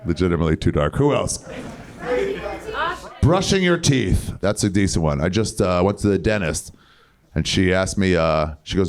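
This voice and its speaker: A man's voice: on the low side, very animated, normal speed, creaky, pauses often, a little mellow. A man doing improvised stand-up crowd work in a big comedy club, telling loose, wry stories with crude punchlines. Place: large comedy club main room. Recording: live club with crowd laughter. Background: audience laughter.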